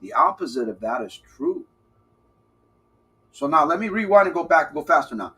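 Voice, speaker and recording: A man hosting a live podcast as a recovery coach, talking casually to his chat in an animated, playful way and repeating phrases for emphasis. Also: fairly high pitch, moderate pace, a little hiss or hum. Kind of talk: live-stream talk, answering chat.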